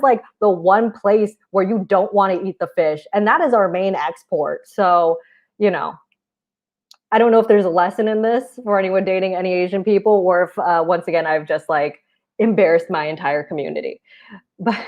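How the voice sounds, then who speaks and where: Self-mocking woman comic on muffled video call. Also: lowish voice. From United States. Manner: deadpan, self-mocking delivery with quick asides. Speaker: stand-up comic. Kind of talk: virtual stand-up set. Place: home, virtual show.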